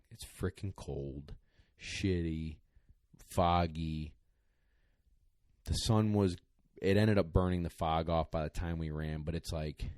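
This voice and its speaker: A man's voice: deep voice, darkish tone, dry recording, studio quality. A man co-hosting a podcast, telling a rambling, emotional story in casual chat, choking up and tearing up as he talks. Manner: emotional, rambling, choked up at times. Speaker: podcast co-host, dog trainer.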